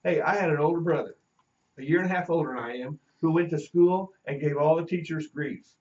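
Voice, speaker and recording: A man's voice: a little high, fairly quick, a little mellow, muffled recording. A middle-aged man teaching a class, telling anecdotes and acting out the voices of people in his stories. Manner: storytelling, acts out quoted voices. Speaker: teacher educator.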